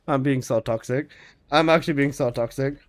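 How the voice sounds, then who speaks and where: A man streaming a game, chatting casually with teasing, excitable banter, repeating himself and swearing freely. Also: medium pitch, brisk. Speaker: gaming streamer.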